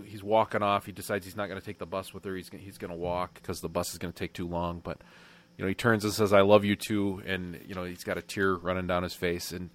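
A man co-hosting a casual podcast chat, talking in a reflective way and thinking aloud. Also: low voice. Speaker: podcast co-host.

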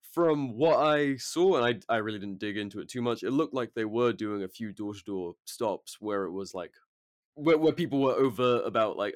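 A man's voice: on the low side, moderate pace, no echo, studio quality. A man hosting a podcast, talking bluntly and cursing freely in casual conversation. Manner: blunt and profane, trails off. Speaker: podcast host. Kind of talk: casual chat.

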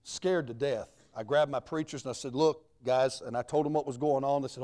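A man's voice: medium pitch, steady tone, a little fast, hardly any pauses, dark tone. A man in a mid-range voice preaches a sermon as a missionary. He tells the story in a plain, folksy way, with country grammar.

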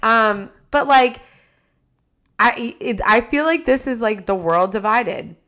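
A woman's voice: a little high, takes it slowly, a bit bright. A woman co-hosting a casual podcast, chatty, laughing often and saying "like" a lot. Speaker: podcast co-host. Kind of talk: casual chat.

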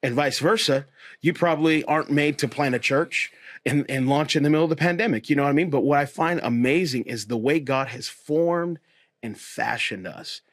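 A man's voice: a little high, normal speed, no echo, studio quality. Earnest encouraging pastor, man. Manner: earnest, encouraging, repeats phrases. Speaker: pastor and host. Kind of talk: faith conversation.

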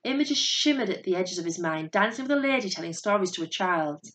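A woman narrating a story in a steady, measured voice. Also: medium pitch.

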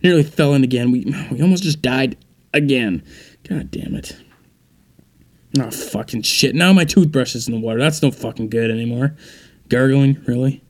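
A man's voice: mid-range voice, moderate pace. A man doing a stand-up comedy bit, exasperated and swearing as he acts out a scene.

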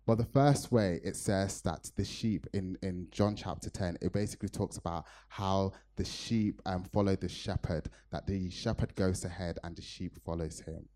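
Male preacher from Nigeria, low voice, earnest storytelling sermon. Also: steady tone, moderate pace, few pauses, mellow.

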